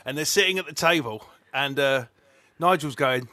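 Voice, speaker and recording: A man co-hosting a podcast, telling an anecdote in casual chat with animated laughter. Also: fairly high pitch, normal speed, no echo. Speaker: podcast co-host.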